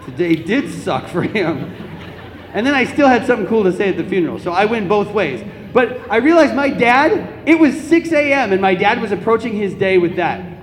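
A young man with a high, light voice tells comic stories from his own life to a crowd, getting animated as he goes. His voice rings around a big echoey hall, with a faint hum of the room behind him. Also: normal speed. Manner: animated, comic storytelling with laughs. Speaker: Catholic speaker. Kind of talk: storytelling talk to an audience.

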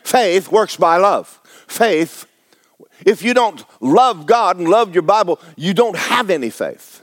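A man's voice: high-pitched, animated, slow pace, dry recording. A man preaching a blunt, exhorting sermon, firing rhetorical questions at his congregation. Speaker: pastor.

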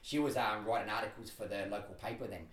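A man chatting on a podcast and telling his stories quickly and with lots of laughter. His voice sits at an everyday pitch and comes across roomy, as if he sits a little away from the microphone. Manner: animated storytelling, quick and laughing. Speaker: podcast guest, personal trainer and speaker. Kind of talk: casual podcast chat. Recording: roomy, a bit distant from the mic.

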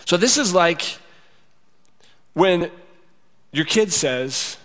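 A man's voice: high voice, animated, very slow, long pauses, a bit bright. A man preaching a sermon in a conversational way, acting out the voices he quotes. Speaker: pastor. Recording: long reverb of a large hall.

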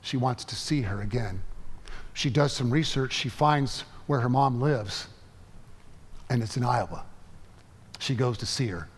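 A man preaching a sermon, telling a story in a measured way with halting repeats. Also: mid-range voice, husky, in a large hall. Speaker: pastor.

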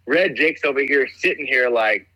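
A man's voice: medium pitch, normal speed, bright, forceful tone, no echo, poor audio. A young man telling a rambling story in casual chat, laid-back, calling everyone "dude". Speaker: guest telling stories.

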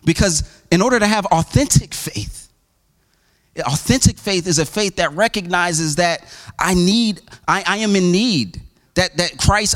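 Pastor, male, high-pitched, casual and conversational sermon delivery with restarts, breaks into animated impressions of quoted speakers. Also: a little slow. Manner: conversational preaching with many restarts and asides; acts out quoted voices with big pitch jumps.

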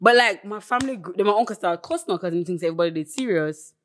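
A woman, co-hosting a casual podcast chat, tipsy and telling lively stories in patois. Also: mid-range voice, fast. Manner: animated storyteller who slips into patois. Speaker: podcast co-host.

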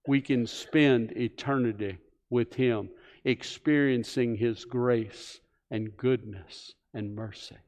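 Slow, earnest preacher in a reverberant hall. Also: male voice, mid-range voice. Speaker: pastor. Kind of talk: sermon. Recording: church hall with long reverb.

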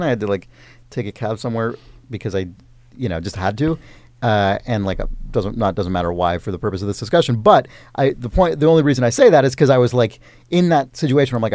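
A man's voice: mid-range voice, darkish tone, no room sound. A man co-hosting a casual chat, telling a story in a rambling way, full of "like" and swearing. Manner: rambling, heavy use of "like," swears freely.

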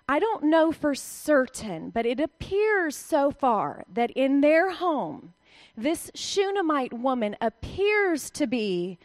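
A woman delivers a conversational sermon to a women's audience, her voice sitting a little high. She keeps it chatty and speaks straight to her listeners in frequent asides. The sound is dry and close. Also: dry recording. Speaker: Bible teacher speaking to women.

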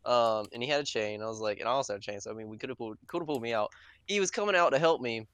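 A man's voice: medium pitch, very fast, fairly bright tone, slight background noise. A young man telling a rambling, profanity-laced story to friends, laughing as he goes. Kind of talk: casual storytelling among friends.

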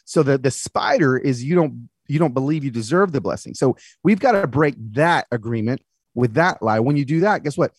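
A man's voice: medium pitch, expressive, normal speed, breathy edge, no room sound, clean studio sound. A man in his thirties, a podcast guest and author, telling personal stories in conversation and acting out the people he quotes. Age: 30s.

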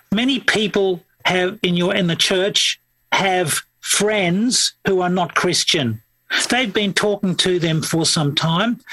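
A man with a high, bright voice leads a hands-on training workshop for a group in front of him. He explains each step plainly and repeats himself, and he often stops and restarts his sentences. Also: poor audio. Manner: repetitive, plain explanatory delivery with frequent restarts. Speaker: evangelism trainer. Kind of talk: instructional workshop talk.

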